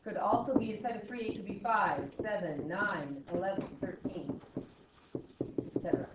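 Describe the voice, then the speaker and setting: A woman's voice: mid-range voice, expressive, normal speed, heavy background noise. Woman teaching math in an echoey classroom. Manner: counts out loud, trailing off quietly, checks with "right?". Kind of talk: classroom lecture. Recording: roomy classroom sound, slightly dull.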